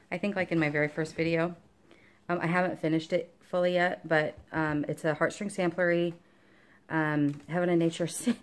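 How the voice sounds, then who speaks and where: A woman chatting casually in a show-and-tell vlog about her stitching, rambling along with lots of fillers. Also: on the low side. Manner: talks to her dog between topics. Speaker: cross-stitch vlogger.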